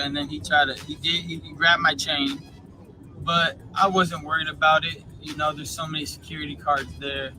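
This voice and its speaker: A man speaking in a played interview clip, telling a story haltingly with many fillers. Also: on the high side, noisy background. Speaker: boxer in an interview.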